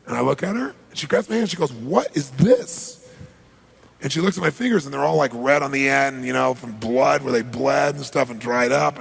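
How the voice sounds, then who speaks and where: A motivational speaker tells stories energetically to a live audience, acting out the dialogue and throwing questions back at the crowd. His voice is gravelly and husky, slightly higher than most men's. It rings through a large seminar hall with a long reverb. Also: a bit bright.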